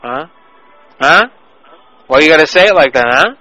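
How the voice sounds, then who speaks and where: Guy doing a touchy prank caller, bright voice, picks fights over words. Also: a little high, expressive, normal speed, soft background music, rough recording. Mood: indignant. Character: touchy, easily offended adult male prank caller. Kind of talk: prank phone call.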